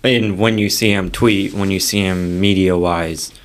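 Opinionated low-voiced man talking fights. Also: fairly even intonation, unhurried. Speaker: podcast guest. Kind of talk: casual sports chat.

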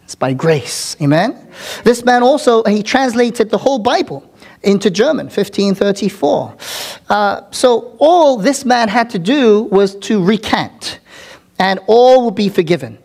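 A man's voice: sits high, animated, a little slow, gravelly, a little mellow. A male pastor preaching a sermon with dramatic delivery, repeating words for emphasis and dropping into whispers. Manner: repeats words for emphasis, occasional filler ums.

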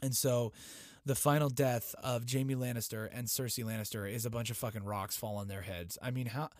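A man giving an excitable, foul-mouthed casual recap of a TV episode. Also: medium pitch, normal speed, no room sound, clean studio sound. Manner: excitable, heavy swearing.

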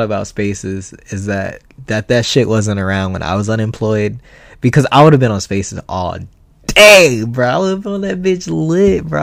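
A young man hosts a casual solo podcast, telling stories in an animated, profane way. His voice swings widely in pitch and has a gravelly edge. The recording is close and dry. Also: dry recording. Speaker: podcast host.

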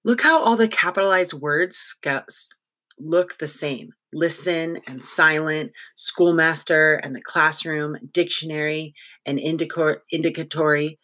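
A reader voicing a talkative, excitable know-it-all boy who lectures eagerly, in an audiobook. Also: medium pitch. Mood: explaining. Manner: lecturing, quick to explain. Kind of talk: audiobook reading.

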